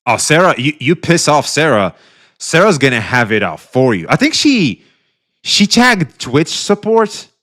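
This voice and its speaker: Lively-voiced male streamer, casual. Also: on the high side, unhurried. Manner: laid-back, swears, laughs a lot. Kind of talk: casual live-stream reaction.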